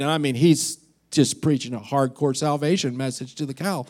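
A male pastor preaching a sermon, telling a story and acting out its voices, swinging between loud and quiet. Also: medium pitch, steady tone, normal speed.

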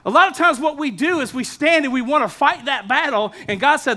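A man preaching a sermon as pastor, lively and humorous, with asides to the congregation. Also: very high voice, a little fast, faint music behind.

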